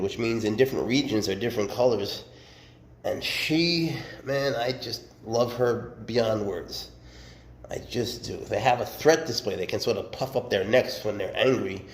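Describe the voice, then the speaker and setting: In a casual vlog, a man who keeps exotic animals chats affectionately, often cooing to them. His voice is mid-range and the sound is roomy.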